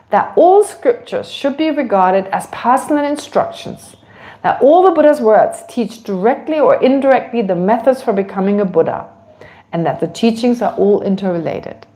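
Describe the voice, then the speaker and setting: A woman teaching a Buddhist class in a relaxed, conversational way, with many asides, restarts and light laughter. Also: medium pitch. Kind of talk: relaxed online dharma class.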